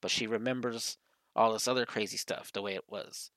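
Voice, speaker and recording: A man's voice: lowish voice, fairly even intonation, fairly quick, a bit bright, no echo. A man co-hosting a podcast, telling a story in casual chat and filling his sentences with "like". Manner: rambling storyteller, heavy use of "like". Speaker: podcast co-host.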